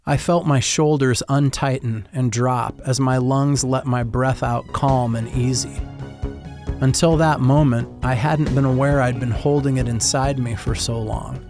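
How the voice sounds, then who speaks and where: A man's voice: medium pitch, fairly even intonation, unhurried, music in the background. A man giving scripted first-person narration of a story in a reflective, wry manner.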